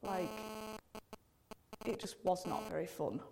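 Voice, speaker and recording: A woman's voice: medium pitch, takes it slowly, creaky, a crowd in the background. A woman in her thirties preaching a sermon in an earnest, conversational way, often addressing God directly and using casual fillers. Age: 30s.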